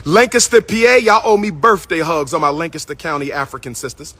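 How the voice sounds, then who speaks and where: A man hosts a casual livestream, speaking straight to his viewers. His voice sits high and bright. He repeats phrases in a playful, sing-song way and calls out to the people watching. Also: lively intonation, fairly quick, no echo. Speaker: livestream host. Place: indoors at his school building.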